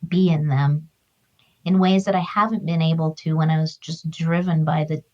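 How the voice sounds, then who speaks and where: A woman's voice: sits low, steady tone, normal speed, dark tone, muffled recording. A middle-aged woman, a guest author and grief counselor, telling stories in an earnest, heartfelt, spiritual way. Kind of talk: reflective conversational interview.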